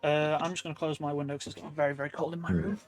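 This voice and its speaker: A man's voice: on the high side, little pitch movement, rapid-fire, soft background music. A man narrating as game master over a voice call from his room, in a loose, rambling way full of fillers. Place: his own room at home. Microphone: computer mic on a voice call.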